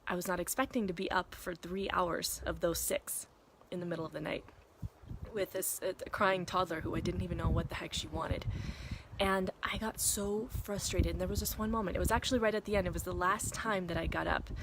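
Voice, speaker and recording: A woman's voice: fairly low pitch, vocal fry, slight background noise. A woman in her thirties telling a candid, rambling story to her viewers, swearing freely and breaking off to talk to her kids. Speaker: vlogger and mother. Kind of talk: casual confessional vlog. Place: vacation cabin in the mountains.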